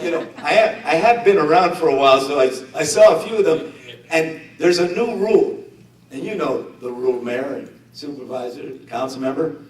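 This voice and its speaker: A man's voice: a little high, a little hiss or hum. A middle-aged man giving a rhetorical political speech to a community meeting, mixing fervor with joking asides. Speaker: guest speaker. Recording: echoey room, voice picked up from a distance.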